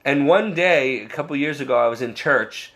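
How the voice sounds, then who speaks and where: A Catholic layman with a medium-pitched voice and some vocal fry earnestly shares his personal faith testimony at a moderate pace. He's self-deprecating, often laughing at himself, and quotes himself and others in animated bursts.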